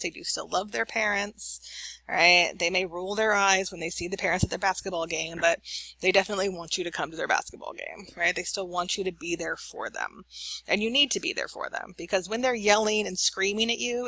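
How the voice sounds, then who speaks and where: A woman's voice: lowish voice, creaky, pushed and bright, no room sound. A middle-aged woman giving a recorded college lecture in a chatty, anecdotal way, often checking in with "right?".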